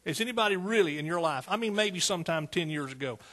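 A man's voice: high voice, lively intonation, fast talker, a bit bright. A man preaching a fervent sermon, calling out to his congregation.

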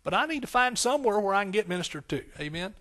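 Male pastor, high voice, emphatic preaching with call-and-response. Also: big pitch swings, quick pace, fairly bright tone. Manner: repetitive, emphatic phrasing. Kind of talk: sermon.

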